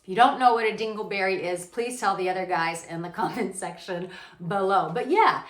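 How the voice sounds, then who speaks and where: A woman dating coach giving blunt, animated advice to camera, swearing casually. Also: mid-range voice, fairly quick. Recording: roomy echo.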